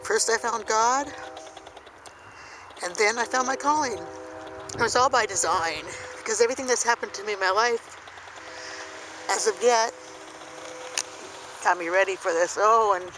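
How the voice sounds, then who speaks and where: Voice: medium pitch, moderate pace, long pauses, noisy background. A speaker in their fifties, talking outdoors into a handheld camera in an earnest, preachy, rambling monologue. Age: 50s. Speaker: activist vlogger. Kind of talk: impassioned rambling monologue while filming. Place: outdoors by a river.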